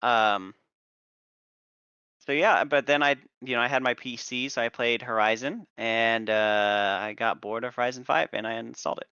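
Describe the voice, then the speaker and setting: A young man co-hosting a gaming podcast, explaining at a measured pace with hesitant pauses, on a slightly dull recording. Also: mid-range voice, pushed and bright, smooth, no room sound. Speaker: podcast co-host. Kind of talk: casual chat.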